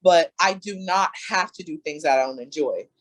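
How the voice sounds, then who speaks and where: A woman's voice: sits low, moderate pace, poor audio. A young woman talking candidly as a coaching client, earnest and emphatic, with many fillers and restarts. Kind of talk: candid conversation.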